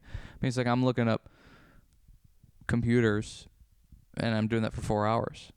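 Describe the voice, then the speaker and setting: A man's voice: lowish voice, clean tone, dry recording, studio quality. A young adult man co-hosting a podcast in casual chat, rambling and questioning himself as he acts out little quotes. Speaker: podcast co-host.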